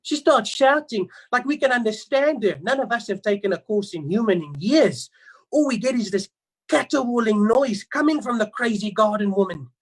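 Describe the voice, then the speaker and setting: A man's voice: high voice, expressive, moderate pace, low-quality recording. A man on a video call playing a paranoid, suspicious male crow in an improvised comedy scene, telling the story dramatically. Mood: indignant. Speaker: improv performer. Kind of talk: improvised first-person storytelling.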